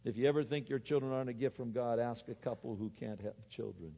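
A man preaching a sermon as a pastor, animated, swinging between loud exhortation and quiet asides. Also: mid-range voice, fast talker, creaky. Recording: muffled, with long hall reverb.

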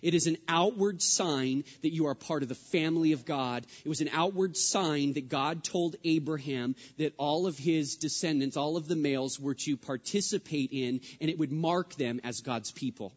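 Male pastor, high voice, emphatic sermon delivery with hushed refrains; muffled, echoing sanctuary recording. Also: moderate pace, hardly any pauses. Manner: emphatic, repeats refrains, swings between loud and hushed. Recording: dull sound with long hall reverb.

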